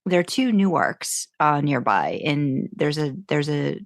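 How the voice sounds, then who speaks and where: A woman's voice: low-pitched, very animated, unhurried, no echo, clean studio sound. A woman co-hosting a fan podcast, chatting casually and rambling through her thoughts. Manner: rambling, restarts, upbeat. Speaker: podcast co-host.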